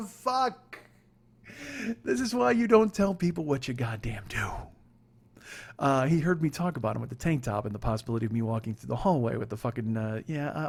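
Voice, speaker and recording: A man's voice: medium pitch, gravelly. A man in his forties hosting a comedy podcast, telling a rambling, self-mocking story with lots of swearing. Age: 40s.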